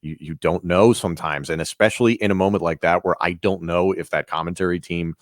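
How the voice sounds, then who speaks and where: Deep-voiced wrestling commentator guest. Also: male voice, steady tone, fairly quick, dry recording, studio quality. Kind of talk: casual interview talk.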